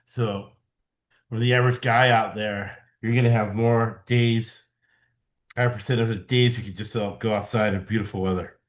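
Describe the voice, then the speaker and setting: A man's voice: on the low side, steady tone, moderate pace. A man hosting a sports betting podcast, chatting casually, asking questions and laughing along. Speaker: podcast host.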